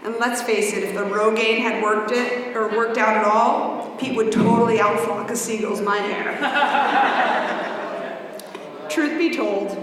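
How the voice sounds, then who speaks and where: A woman's voice: a little high, steady tone, a little slow, noisy background. Woman MC reading jokes in an echoing hall. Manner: teasing scripted delivery. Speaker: master of ceremonies at a birthday roast. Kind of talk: reading a prepared roast introduction. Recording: echoey hall recording.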